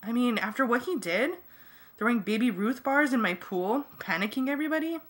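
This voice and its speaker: A woman's voice: a little high, animated, brisk, voice pushed up, close to an everyday voice. A woman voicing a scornful, gossipy teenage girl in a fan-read audiobook. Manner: huffy, dismissive.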